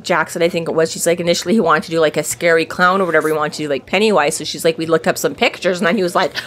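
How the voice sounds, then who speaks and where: A woman co-hosting a casual podcast chat, telling stories and putting on squeaky voices for the people she quotes. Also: racing. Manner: animated storyteller, jumps into squeaky quoted voices. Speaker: podcast co-host. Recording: faint background noise.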